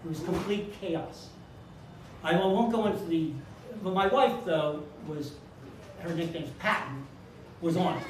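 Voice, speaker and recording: A man's voice: high-pitched, a little slow, background noise. An older man telling a self-deprecating comic story on a live stage, chatty and full of asides. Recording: echoey room, mic far off.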